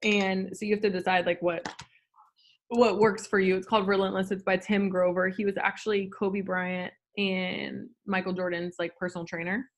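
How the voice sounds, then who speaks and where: A woman's voice: medium pitch, little pitch movement, moderate pace. A woman talking casually on a video call, full of "like" and "um" fillers. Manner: chatty, lots of "like" and "um" fillers. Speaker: guest. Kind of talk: casual Zoom chat.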